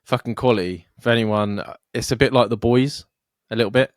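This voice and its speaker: A man's voice: medium pitch, fairly even intonation, a little fast, dry recording, clean studio sound. A young man co-hosting a podcast, ranting and joking with plenty of swearing. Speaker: podcast co-host. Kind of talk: casual chat.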